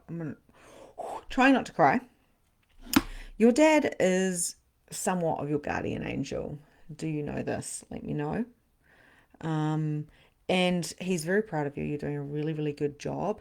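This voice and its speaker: A middle-aged woman acting as a spiritual medium hosts a live-stream card reading, often dropping to a soft whisper. Her voice is low and creaky.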